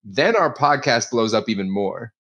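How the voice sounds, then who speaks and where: Young man, podcast co-host, casual chat, excitable, filler-heavy. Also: medium pitch, normal speed, highs cut off. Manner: excitable, rambles with many fillers.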